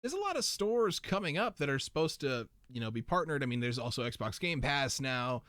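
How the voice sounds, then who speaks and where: A man's voice: mid-range voice, sing-song, fairly quick, a bit bright, no echo. A man hosting a casual podcast chat, rambling animatedly through tangents in a soundproofed home studio. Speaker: podcast host.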